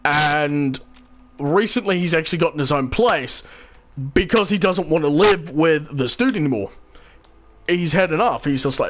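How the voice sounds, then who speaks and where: A man's voice: fairly high pitch, animated, moderate pace. A young man, casually telling a rambling story with swearing and acted-out quotes. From New Zealand. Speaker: channel host. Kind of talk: casual storytelling while gaming.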